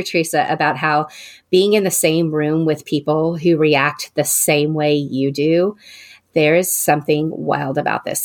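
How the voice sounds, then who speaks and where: A young woman, telling a story in casual chat, animated and full of fillers. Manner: animated, many fillers, acts out quotes in a higher voice.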